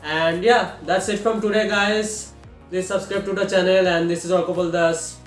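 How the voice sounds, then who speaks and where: Brief: male channel host, somewhat higher voice, rambling casual review full of fillers, echoey room. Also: fairly even intonation, moderate pace, faint music behind. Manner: rambling, with many fillers and repeated restarts. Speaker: film and TV reviewer. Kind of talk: casual spoken review to camera.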